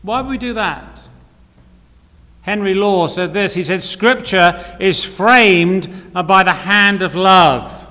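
A man's voice: high-pitched, takes it slowly, bright, forceful tone. Man, preacher, sermon, rhetorical questions, echoing church hall. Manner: earnest, repeats phrases, asks rhetorical questions. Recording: long reverb of a hall.

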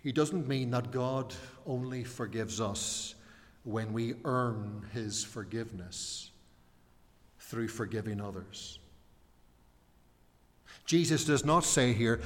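A man's voice: medium pitch, slow pace. Male preacher, sermon, earnest and explanatory, asks the congregation questions, reverberant church hall.

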